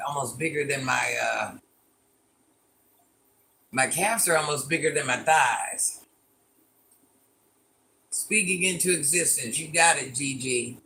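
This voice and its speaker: Speaking low, with a pushed, bright tone and a slight hiss or hum in the audio, a roughly fifty-year-old woman chats through a phone livestream in her living room. She reads viewers' comments aloud, ribs them back with playful repetition, and refers to herself as Granny.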